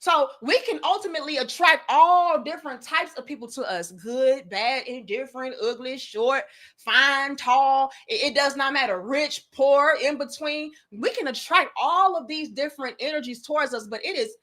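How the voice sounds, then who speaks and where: A woman's voice: high-pitched, normal speed, sharp tone. A young adult woman, delivering a blunt, profane, preachy opinion monologue as a commentary show host.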